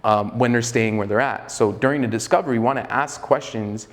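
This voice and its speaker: A man's voice: mid-range voice, fairly quick, long reverb tail. A man giving a live sales training, talking casually and profanely with a slightly arrogant edge and acting out both sides of sales calls. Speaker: sales coach.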